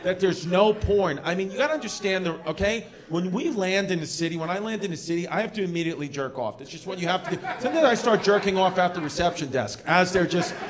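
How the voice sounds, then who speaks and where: Male stand-up comic, somewhat high voice, crowd work, live club with audience laughter and noise. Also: animated, fast talker, hardly any pauses. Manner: loud, laughing, drops to a mutter for asides. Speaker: stand-up comedian. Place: comedy club.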